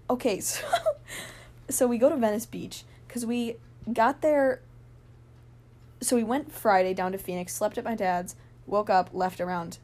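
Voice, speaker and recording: A young woman telling a rambling, excited story in a casual vlog, full of fillers and laughs. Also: medium pitch.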